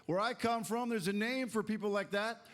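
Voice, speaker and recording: A man's voice: high-pitched, normal speed, very noisy. A man emceeing a stand-up show, introducing the next comic with a punchy joke. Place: comedy festival stage before a live audience.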